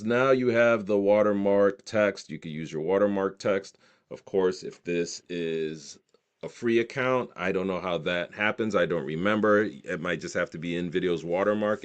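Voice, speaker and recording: Deep-voiced man demoing software. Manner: enthusiastic, reads options aloud. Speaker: software tutorial presenter. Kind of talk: screen-recorded software walkthrough.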